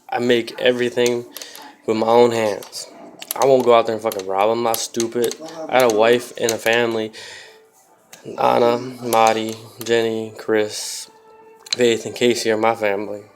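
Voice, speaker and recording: A man's voice: mid-range voice, slight background noise. A man, defiantly listing grievances at his family and cursing. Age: 20s. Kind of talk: angry confrontational rant to family.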